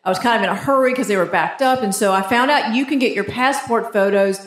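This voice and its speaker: A woman's voice: fairly high pitch, fast. A woman in her fifties with a Southern US accent, telling self-mocking stories on stage as a stand-up comedian. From Georgia, US. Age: 50s. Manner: animated storytelling, self-mocking. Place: theater stage before a live audience. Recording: echoey theater with audience noise.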